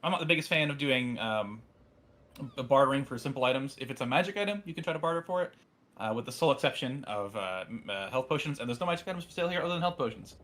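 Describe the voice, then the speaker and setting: A man's voice: mid-range voice, expressive, fast, fairly bright tone. A man narrating as game master in a tabletop role-playing session, in a casual, filler-heavy way.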